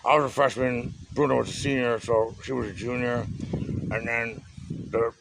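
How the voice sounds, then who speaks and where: A man's voice: medium pitch, little pitch movement, moderate pace, vocal fry, background noise. A man telling a personal story in a loose, casual way, with slang, swearing and lots of fillers. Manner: loose and profane, with street slang and many fillers.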